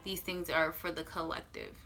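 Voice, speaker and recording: A woman's voice: low-pitched, wildly swooping pitch, gravelly, music in the background, low-quality recording. A woman tarot reader talking casually on a livestream, blunt and reassuring, swearing freely and stretching out her key words for emphasis. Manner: emphatic, drawn-out stresses.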